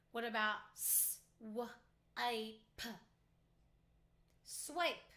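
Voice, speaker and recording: A woman teacher leading a phonics lesson for young children, clearly sounding out words letter by letter. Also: fairly high pitch, sharp tone. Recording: echoey room.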